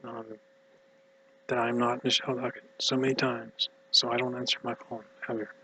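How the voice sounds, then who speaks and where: A man rambling through a personal monologue in a tired, mumbly voice, halting and hushed, sometimes dropping to a whisper. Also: mid-range voice, completely flat delivery, poor audio. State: exhausted. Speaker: vlogger.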